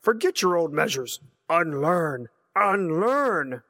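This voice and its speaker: A man's voice: on the high side, big pitch swings, slow, bright, forceful tone, heavily acted. A man reading the lines of a tiny, stern, old male swamp teacher in a storybook. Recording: long hall reverb.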